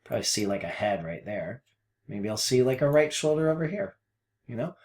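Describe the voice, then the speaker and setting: Animated rambling man trading mentor. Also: medium pitch, fairly quick. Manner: rambling, self-deprecating, animated swings between mutters and outbursts; mild cursing, folksy phrases. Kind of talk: casual screen-share trading commentary.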